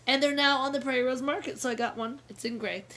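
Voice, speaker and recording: A woman's voice: high voice, quick pace, a bit bright. A woman in her thirties co-hosting a casual chat show, telling stories in a chatty way and laughing often. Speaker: podcast co-host.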